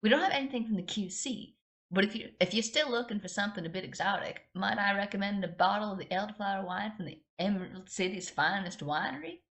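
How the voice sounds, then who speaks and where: A woman's voice: medium pitch, fast, fairly bright tone, pitched above the performer's own voice, close to an everyday voice. Woman putting on a Southern waitress drawl. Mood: sweetly attentive. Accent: put-on American Southern. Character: chatty Southern diner waitress, grown woman.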